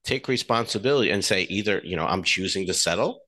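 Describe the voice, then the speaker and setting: Middle-aged male co-host, deep low voice, earnest and frank, storytelling. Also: animated, quick pace, bright, forceful tone. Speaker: podcast co-host. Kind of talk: casual relationship talk.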